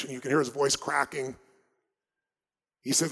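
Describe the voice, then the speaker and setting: A man's voice: on the high side, flat delivery, slow, pauses often. Emphatic man speaking in a reverberant hall. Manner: emphatic, swings between loud and hushed delivery. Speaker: motivational seminar speaker. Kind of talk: live seminar storytelling.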